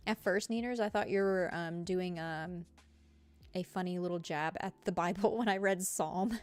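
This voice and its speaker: A woman's voice: lowish voice, unhurried, faint music behind. A woman with a Southern US accent, a streamer chatting casually with her live viewers, giggly and full of fillers.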